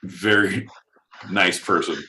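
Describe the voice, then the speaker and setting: A male podcast co-host in loose, jokey chat with a crude streak. His voice is bright and forceful and sits a little low. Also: fairly even intonation, slow, a little hiss or hum. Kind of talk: casual chat.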